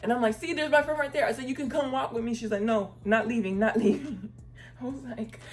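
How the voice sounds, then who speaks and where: A woman telling a casual story time vlog, acting out the people she quotes and speaking in a relaxed, chatty way. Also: on the high side, a little fast. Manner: uses "y'all" and "girl" casually. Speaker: travel vlogger.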